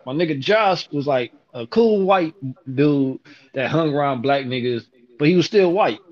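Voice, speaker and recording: A man's voice: a little high, expressive, normal speed, lo-fi sound. A man telling a story in a casual way, brash and full of profanity.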